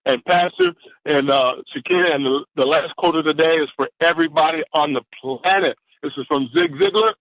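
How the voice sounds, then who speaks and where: A man on a conference call giving an energetic, exclamatory motivational talk that keeps repeating its key phrase. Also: on the high side, a little fast, vocal fry, dry recording. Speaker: caller. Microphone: phone. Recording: dull dry phone line.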